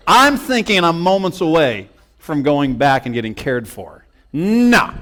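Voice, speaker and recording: A young male pastor tells a long personal story from the pulpit. His voice sits somewhat high, and he pokes fun at himself as he acts out what people said. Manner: animated, self-mocking storytelling with acted-out quotes. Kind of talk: storytelling sermon. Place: church sanctuary.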